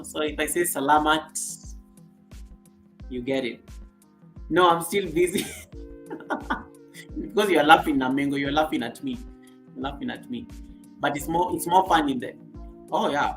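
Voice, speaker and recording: A Kenyan woman chats on her live stream, answering viewer comments in a relaxed, rambling way. She laughs often and repeats her phrases. Faint music plays softly in the background. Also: deep voice, moderate pace, pauses often.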